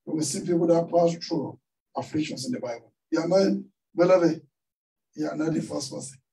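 A pastor preaching in church, his voice fairly high-pitched but mellow and dark in tone. He tells a story and keeps throwing questions out to the congregation, and he sounds set back from the microphone. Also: moderate pace, gravelly, distant mic, poor audio. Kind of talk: sermon. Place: church hall.

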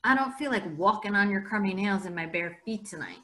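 A woman's voice: medium pitch, animated, a little fast, a bit bright, lightly acted. Brief: woman voicing bored teen boy, teasing and sarcastic.

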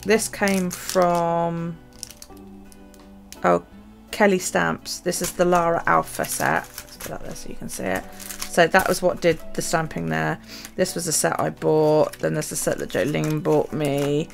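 A woman chatting casually about her journal and her chores, rambling with many pauses and ums. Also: lowish voice, level tone, gravelly, faint music behind. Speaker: journaling vlogger. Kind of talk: casual chat.

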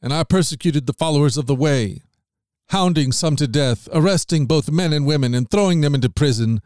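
Steady male scripture reader, dry and close. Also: on the high side, no room sound. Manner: measured, steady reading with lifts on quoted lines. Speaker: podcast host reading scripture. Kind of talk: scripted Bible reading.

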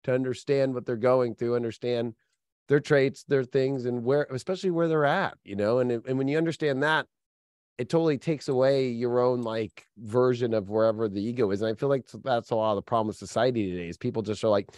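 A man's voice: mid-range voice, a little fast, darkish tone, no room sound. Rambling male astrologer, dry close sound. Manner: rambling, filler-heavy storytelling. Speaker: astrologer guest. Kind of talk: casual podcast conversation.

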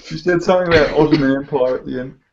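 A man in a casual group voice chat, excitable and teasing. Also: a little high, racing. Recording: lo-fi stream audio with crowd noise.

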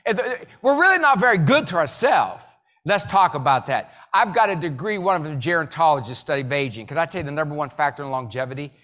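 Speaking fast in a slightly high, expressive voice, a man gives a live motivational keynote. He tells jokey stories and drives call-and-response with the crowd, breaking into sudden loud bursts.

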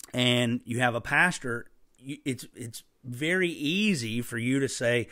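A man preaching a sermon through a personal story, impassioned and emphatic, with sudden loud bursts. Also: medium pitch, no echo, clean studio sound.

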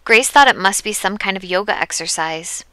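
A woman narrating an audiobook chapter with steady, even storytelling. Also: medium pitch, normal speed, clear, resonant tone, no echo. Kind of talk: scripted narration.

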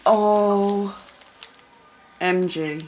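Gushing, slow-talking woman vlogger. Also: mid-range voice, steady tone, darkish tone, a little hiss or hum, rough recording. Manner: gushing, overwhelmed exclamations with stammers. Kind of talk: unboxing gifts on camera.

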